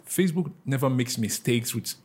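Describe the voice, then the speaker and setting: Nigerian man, podcast co-host. Mid-pitched, energetic, talks in bursts and restarts his sentences. Casual chat delivery. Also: moderate pace. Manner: animated, argumentative, repeats words when starting a point.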